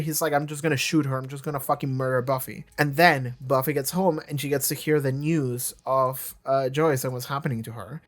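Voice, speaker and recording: A man talking through a TV season in a loose, rambling monologue. His voice sits a little higher than most men's, and he leans hard on filler words and casual swearing. He restarts sentences often as the thoughts pile up. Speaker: video reviewer.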